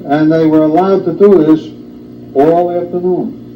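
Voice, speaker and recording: A man speaking as a guest in a studio discussion, halting with many filler sounds and an indignant tone. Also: a little high, steady tone. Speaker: talk show guest. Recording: roomy, distant, dull old studio tape with faint hiss.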